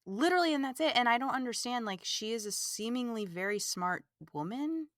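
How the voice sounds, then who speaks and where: Bright, animated woman recapping a movie. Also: a little high, fairly quick, no room sound. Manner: animated, exasperated, fills talk with "like". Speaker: podcast host. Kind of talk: casual movie recap chat.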